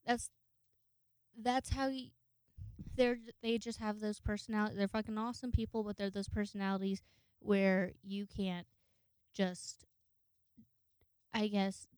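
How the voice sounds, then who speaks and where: Mid-range, smooth and somewhat dark, the voice belongs to a woman in her twenties telling a meandering, swear-filled story as a casual monologue. She voices the characters she quotes. The sound is studio-quality with no room sound.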